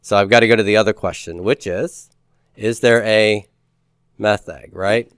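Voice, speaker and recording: A man's voice: fairly low pitch, steady tone, moderate pace, clean tone, no echo, clean studio sound. A man reviewing homework as a teacher, patiently asking questions, answering them himself, and drawing out key words. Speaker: Hebrew teacher.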